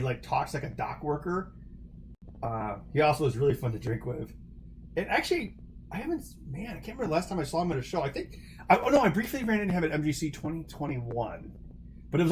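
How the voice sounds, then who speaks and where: Guy chatting on his livestream, kinda high voice, lots of restarts and little laughs. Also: very animated, quick pace, darkish tone, slight background noise. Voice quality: rambling, restarts, chuckles often. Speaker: livestream host. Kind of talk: casual chat.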